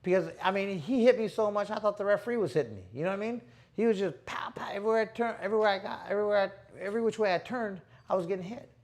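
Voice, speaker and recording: A middle-aged man, a boxer hosting a show, telling stories in a casual, animated, slangy way and acting out what people said. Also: sits high, rapid-fire. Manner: animated, slangy, acts out quotes. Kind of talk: casual storytelling chat.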